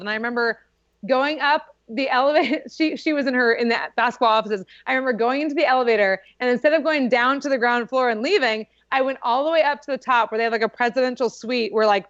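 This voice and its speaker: A woman's voice: fairly high pitch, fast, fairly bright tone, no room sound. A young adult woman as a podcast guest, casually telling a story, chatty and full of "like", often laughing as she talks. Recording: dull lo-fi.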